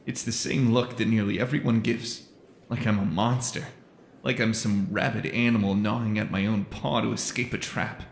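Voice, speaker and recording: A man playing a scarred young war veteran, speaking in a subdued, halting way. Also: lowish voice, fairly even intonation, vocal fry, reverberant, slight background noise. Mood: subdued, bitter.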